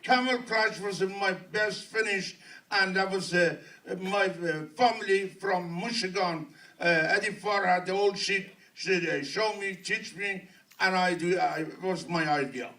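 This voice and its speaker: Older man, Iranian accent, broken English, high voice, distant mic in a theater. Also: bright, forceful tone. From Iran. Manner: broken English in short, halting phrases. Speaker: guest of honor at a film premiere Q&A. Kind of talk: answering audience questions. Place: theater at a film premiere.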